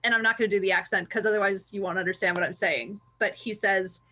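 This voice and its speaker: Bright, excited woman podcaster. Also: medium pitch, quick pace. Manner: enthusiastic and analytical, laughs often. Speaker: podcast co-host. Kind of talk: casual review discussion.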